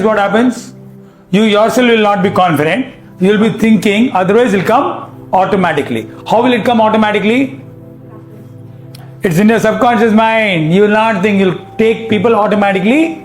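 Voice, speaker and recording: A high-pitched man with an Indian English accent teaches a live class, pressing his points with emphatic rhetorical questions. His voice rings around an echoey hall with faint music underneath. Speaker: hypnosis coach.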